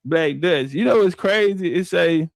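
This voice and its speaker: A man co-hosting a livestream, talking loosely and rambling, sometimes reading aloud haltingly. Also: high voice, vocal fry, no echo, studio quality. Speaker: livestream co-host. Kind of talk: casual livestream chat.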